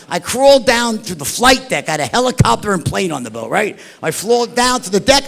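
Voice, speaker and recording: A middle-aged man telling a wild story in an animated, profane, rambling way, tossing in "right?" and "like" all the time. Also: high voice, gravelly. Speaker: storyteller guest. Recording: long hall reverb.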